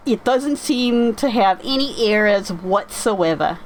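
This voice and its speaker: Slow, rambling woman streamer. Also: mid-range voice, lively intonation, poor audio. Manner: rambling, self-correcting, lots of fillers. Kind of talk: casual live-stream chat. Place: home, sitting in a rocking chair.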